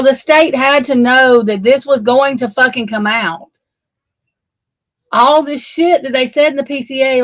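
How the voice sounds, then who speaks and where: A woman's voice: high voice, no room sound, rough recording. Heated, profane woman with a dry sound. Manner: heated, profane, emphatic and repetitive. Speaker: true crime commentator. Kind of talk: unscripted live commentary.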